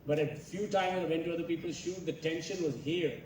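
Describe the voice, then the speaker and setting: A director telling animated stories at a festival masterclass, quoting other people as he goes. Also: fairly high pitch, fairly quick, slight background noise. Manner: animated storytelling, quotes others. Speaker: film director. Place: large festival hall. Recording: echoey hall, picked up from far off.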